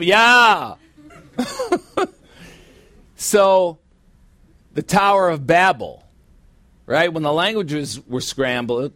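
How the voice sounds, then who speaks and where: A middle-aged man preaching a sermon as pastor, with emphatic, drawn-out stresses. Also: on the high side, no room sound. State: sweating, warm from preaching. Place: church sanctuary.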